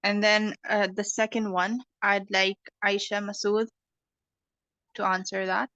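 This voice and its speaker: A woman's voice: medium pitch, little pitch movement, unhurried, a bit bright, no room sound, poor audio. A woman teaching an online English class, explaining patiently and checking in with "okay".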